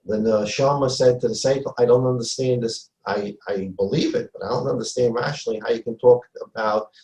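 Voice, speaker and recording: A man's voice: medium pitch, darkish tone, echoey room, low-quality recording. A man giving a Torah class as a rabbi, emphatic, repeating phrases and acting out dialogue. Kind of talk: Torah lecture.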